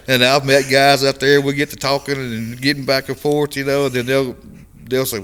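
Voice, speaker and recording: A man's voice: mid-range voice, a little slow, a bit bright, a little hiss or hum. A man in his forties from Louisiana with a Cajun accent, a guest trucker telling stories in casual chat, stumbling over repeated words and laughing often.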